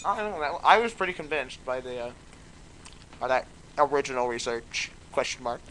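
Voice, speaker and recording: A man's voice: mid-range voice, expressive, pushed and bright, a little hiss or hum. A man hosting a let's play, joking and rambling in casual game commentary. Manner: joking, rambling, quick laughs.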